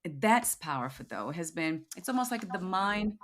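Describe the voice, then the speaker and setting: A woman with a notably low voice hosts a reflective conversation. She speaks softly and thoughtfully, trailing off and starting her sentences again while she thinks. The talk is unhurried and earnest. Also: very animated. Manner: soft-spoken, musing, trails off and restarts while thinking aloud. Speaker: podcast host.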